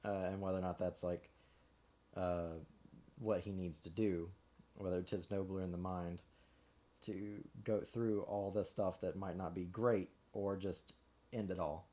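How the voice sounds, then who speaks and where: Man, casual streamer chat, slightly low voice, loose and rambling with frequent fillers and self-corrections. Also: dark tone. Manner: rambling, with many fillers and restarts; chuckles between thoughts. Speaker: streamer building model kits. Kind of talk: casual chat while building.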